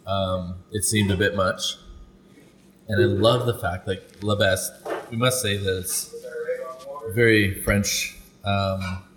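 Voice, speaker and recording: A man's voice: lowish voice, fairly even intonation, slow, long pauses, a bit bright, poor audio. A man in casual food-review chat with friends, laid-back and self-deprecating. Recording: faint background noise.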